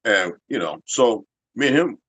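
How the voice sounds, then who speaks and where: A man's voice: lowish voice, expressive, moderate pace, fairly bright tone, slightly rough, no echo. A man in his fifties ranting to his viewers in a blunt, streetwise, rambling way, swearing heavily and drifting into asides. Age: 50s. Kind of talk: profane off-the-cuff rant.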